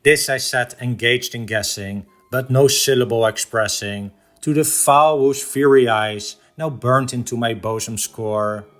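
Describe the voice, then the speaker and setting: A male lecturer whose voice sits in an ordinary middle range. He recites verse with slow, measured drama, then shifts into a clear, teacherly explanation. His delivery stays deliberate and composed throughout. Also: medium pitch, a bit bright, faint music behind. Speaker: art lecturer.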